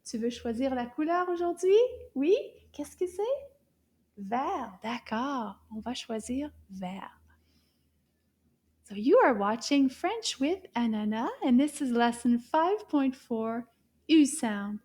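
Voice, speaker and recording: A woman teaching a children's French lesson, sounding bright and exaggerated and spelling words out carefully. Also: high voice, expressive, measured pace.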